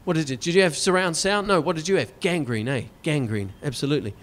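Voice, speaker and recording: A man's voice: a little high, fast. Sarcastic Scottish man doing stand-up. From Scotland. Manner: sarcastic, animated, keeps tagging "right?". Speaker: stand-up comedian. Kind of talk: stand-up comedy.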